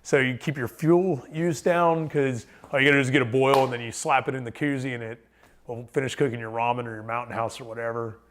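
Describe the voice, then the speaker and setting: A man's voice: mid-range voice, steady tone, fast. A man, a podcast guest, talking casually and rambling with lots of fillers and restarts. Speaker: podcast guest, thru-hiker. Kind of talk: casual storytelling chat.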